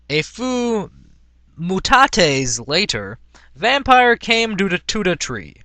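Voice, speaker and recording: A man's voice: sits high, huge pitch swings, takes it slowly, sharp tone, dry recording. A man reading a badly written story aloud in a mock-dramatic, sarcastic way, with laughing asides. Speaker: comedic reader.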